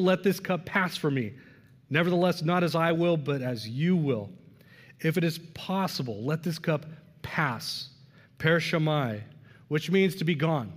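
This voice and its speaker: Guy preaching, bit higher voice, earnest, drops to near whispers sometimes, big echoey hall. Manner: earnest, shifts between loud emphasis and hushed lines. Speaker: pastor. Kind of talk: sermon. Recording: long reverb of a large room.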